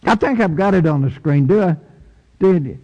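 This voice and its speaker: A man, a pastor preaching a sermon, swinging between low, hushed lines and high, ringing cries. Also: expressive, normal speed, dull audio. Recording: long hall reverb.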